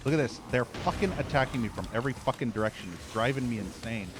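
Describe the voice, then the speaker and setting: A man streams a shooter game with a mid-range voice, talking fast amid a noisy background of game music and gunfire. His live commentary is full of profane, frustrated rants.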